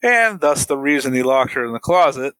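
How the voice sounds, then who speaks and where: A man's voice: mid-range voice, animated, brisk, a bit bright, dry recording. A man co-hosting a podcast, making dry, wry remarks in casual chat. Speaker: podcast co-host.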